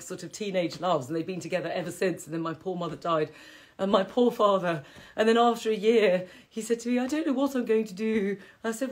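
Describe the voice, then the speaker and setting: A middle-aged woman, teaching a casual live-streamed qigong class in a chatty, rambling way with frequent laughter. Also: lowish voice. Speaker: qigong teacher and health host.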